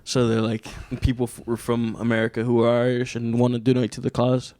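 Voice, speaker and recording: Rambling man explaining, halting. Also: mid-range voice, completely flat delivery, darkish tone, no echo. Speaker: podcast guest. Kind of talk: casual chat.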